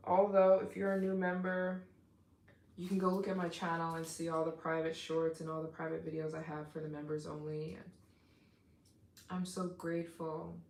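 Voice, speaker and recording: A woman hosting a casual live stream as a travel vlogger, talking to her viewers in an effusive, excitable way with lots of "like.". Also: low voice, normal speed, roomy sound, slight background noise. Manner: effusive and excitable, heavy use of "like".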